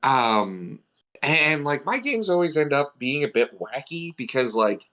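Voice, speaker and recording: A man's voice: medium pitch, very animated, a little slow, bright, forceful tone, lo-fi sound. A man chatting casually on a livestream about running tabletop games, rambling with lots of filler words. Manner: rambling, lots of "like" and "you know". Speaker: guest, game master.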